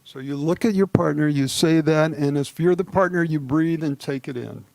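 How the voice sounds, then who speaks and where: A man with a slightly higher voice, leading a gathering hall through a live guided exercise. He sounds relaxed and chuckles often, and he draws each phrase out slowly and deliberately. The sound is dry and close to the mic. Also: gravelly. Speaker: spiritual speaker leading a group exercise.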